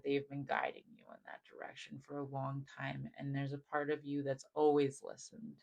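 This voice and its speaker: A man speaks a channeled message to the listener in a gentle, reassuring way, circling back on the same phrases. His voice sits fairly high for a man and carries a strong gravelly fry. He often sinks to a near-hush. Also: poor audio. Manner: gentle, affirming, repetitive phrasing with many "like" fillers. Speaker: spiritual channeler reading for viewers. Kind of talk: channeled message spoken straight to the viewer.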